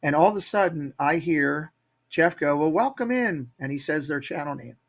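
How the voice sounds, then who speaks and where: A man's voice: on the high side, fairly even intonation, moderate pace, gravelly. A man with an upbeat, motivational manner, telling stories as a guest in a casual interview. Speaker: guest, Disney YouTube creator.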